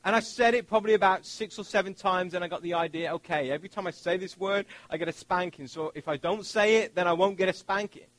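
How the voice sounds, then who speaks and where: High-voiced man preaching a sermon. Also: fast talker, hardly any pauses, fairly bright tone, low-quality recording. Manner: storytelling, joking with the congregation. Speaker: pastor.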